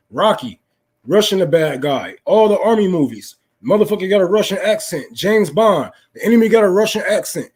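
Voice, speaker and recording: Husky high-voiced man ranting. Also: a little mellow. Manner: profane, fired-up, preachy. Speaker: political talk host. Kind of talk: unscripted political rant.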